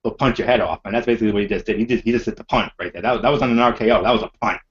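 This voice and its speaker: A man hosting a wrestling podcast, chatting casually with energetic, repetitive banter. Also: lowish voice, racing, dull audio.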